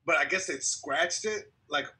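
A man's voice: on the high side, a little slow, bright, forceful tone, slightly rough. A young man and comedian guest telling a long story in casual podcast chat over a video call, acting out quotes and laughing along the way.

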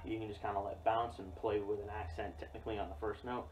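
A man teaching a drum rudiment in a relaxed, explanatory way, often checking in with "okay?". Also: fairly low pitch, quick pace, loud music behind the voice. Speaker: drum instructor. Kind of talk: casual instructional demo. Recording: distant mic with loud noise and drum clicks.

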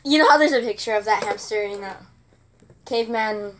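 A woman's voice: on the high side, fairly quick, a little hiss or hum. A woman reviewing a product in casual chat, sarcastic and giggly, often exasperated.

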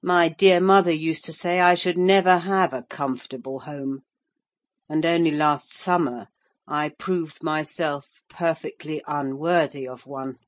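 Brief: unhurried narrator for a classic novel, formal and measured, dry close recording. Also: medium pitch, steady tone, no room sound. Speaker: audiobook narrator.

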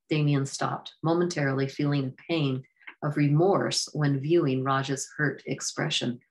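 A woman with a notably low voice reads a storybook aloud at a steady pace. Her delivery is even and plain, with the occasional self-correction. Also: moderate pace. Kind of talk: storybook narration.

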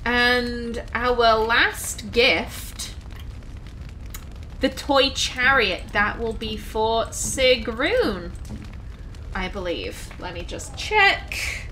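A woman hosting a let's play, chatting casually and thinking out loud as she plays. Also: fairly high pitch, animated, drawn-out words, slight background noise. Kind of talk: casual gameplay commentary.

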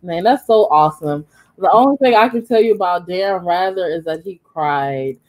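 A young adult woman moderating a virtual talk, casual and bubbly, with youthful slang and animated storytelling. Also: fairly low pitch, normal speed. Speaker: session moderator.

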